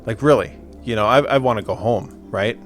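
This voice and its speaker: Animated, swearing man telling a story. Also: on the low side, fairly quick, faint music behind. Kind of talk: casual chat.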